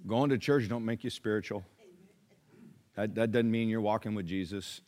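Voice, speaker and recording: A man preaching a sermon, conversational and dynamic, swinging between loud emphatic lines and hushed asides while acting out listeners' replies. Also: fairly low pitch, steady tone, normal speed. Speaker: pastor.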